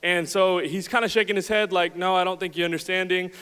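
Young male pastor, casual self-mocking storyteller, high clear voice, long hall reverb. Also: fairly quick. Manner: chatty, self-deprecating, animated storytelling. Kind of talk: sermon with storytelling. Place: church hall with audience.

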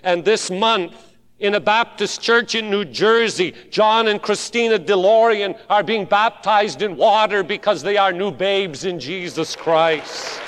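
High-voiced preacher in an echoing hall. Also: male voice, unhurried, clean tone. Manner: dramatic swings from shouted calls to hushed pleading. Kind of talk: sermon.

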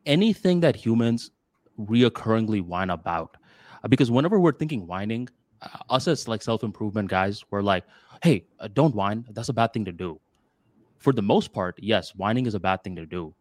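A man co-hosting a podcast, talking in a rambling, casual way, full of "like" and "dude" and quick restarts. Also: dry recording, clean studio sound. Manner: rambling, filler-heavy with lots of "like" and "dude"; animated, jumps to higher pitch when voicing others. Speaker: podcast co-host.

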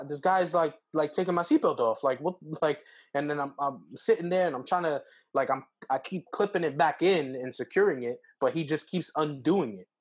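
A young man, co-hosting a podcast, telling a story casually with lots of fillers and jumping up in pitch when acting out quotes. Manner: animated, acts out quotes with pitch jumps, heavy fillers. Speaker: podcast co-host.

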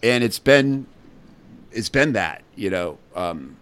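A man's voice: fairly low pitch, sing-song, takes it slowly, fairly bright tone, no echo. A man being interviewed as a guest, telling his story candidly with many fillers and restarts. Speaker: guest, copywriting community founder.

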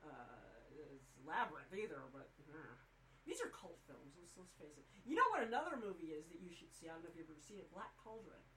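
A man's voice: fairly high pitch, a little fast, low-quality recording. A man co-hosting a casual podcast chat, joking and trading banter. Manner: joking, lively, breaks into silly put-on voices. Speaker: podcast co-host.

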